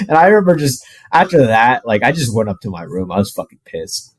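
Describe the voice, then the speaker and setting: A fitness coach in his twenties tells a personal story to camera, his medium-pitched voice moving at a normal speed with no echo. He's casual, animated and profane, leaning constantly on fillers like "like."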